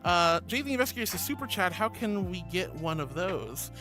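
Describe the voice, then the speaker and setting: A woman's voice: lowish voice, big pitch swings, brisk. Bubbly woman streamer over music. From Florida. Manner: bubbly, sweet, calls viewers sweetie. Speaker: streamer reading chat. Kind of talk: casual chat. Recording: music playing behind.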